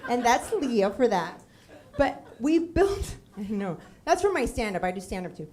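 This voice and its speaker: Her fairly high, darkish voice has a sing-song quality and moves at a moderate pace. She's a woman in her thirties from Miami, doing a comic personal story on a theater stage and voicing the people she quotes.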